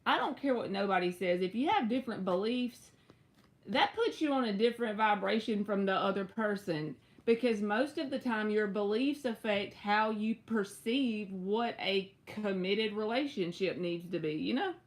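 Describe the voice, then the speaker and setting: A young woman with a Southern US accent reads tarot on a casual live stream. She chats with viewers, drawls and stretches out her words, and jumps suddenly high. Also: animated, moderate pace. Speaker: tarot reader.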